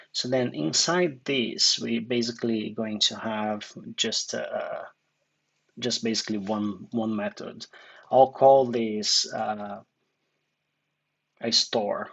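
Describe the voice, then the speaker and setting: A man teaching a coding tutorial, thinking aloud with many fillers and restarts, recorded in a dark room at his computer. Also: medium pitch, creaky, muffled recording. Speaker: coding instructor.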